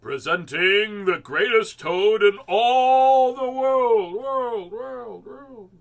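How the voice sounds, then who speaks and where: A man voicing a strange, faraway announcer in a dream, proclaiming slowly and grandly in a storybook read-aloud. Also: fairly high pitch, big pitch swings, bright, forceful tone, pitched above the performer's own voice, exaggerated voice. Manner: slow, drawn-out, grand proclaiming.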